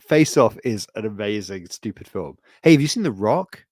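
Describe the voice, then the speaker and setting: A man chatting casually on a podcast, rambling through animated stories with lots of restarts. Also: fairly low pitch, moderate pace, no echo. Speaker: podcast co-host.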